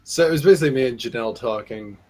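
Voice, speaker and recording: A man's voice: mid-range voice, very fast, a little mellow. A man co-hosting a podcast who laughs along and jokes about himself in casual chat. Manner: laughing, self-mocking banter. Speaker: podcast co-host.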